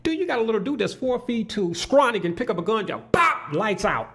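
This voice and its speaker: Animated, gravelly man telling stories. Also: high voice, a little fast, soft background music. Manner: animated, profane storytelling with many restarts. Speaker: podcast guest. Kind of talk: casual podcast conversation.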